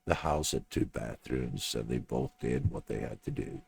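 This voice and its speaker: A man reading a story aloud in a plain, steady audiobook narration, with a gravelly voice. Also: extremely low pitch, normal speed, a little hiss or hum.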